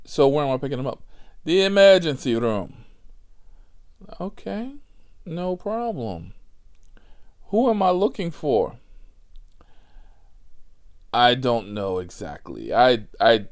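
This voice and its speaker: Animated, profane man telling a story. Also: medium pitch, takes it slowly, long pauses. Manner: profane, animated, laughing asides. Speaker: rideshare driver. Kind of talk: personal storytelling monologue.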